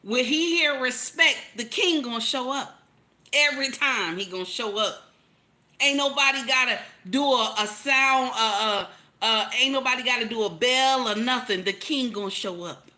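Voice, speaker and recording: A woman with a fairly high, bright and forceful voice delivers relationship advice commentary. She hammers points home by repeating lines and throwing teasing rhetorical questions at her listeners. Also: normal speed.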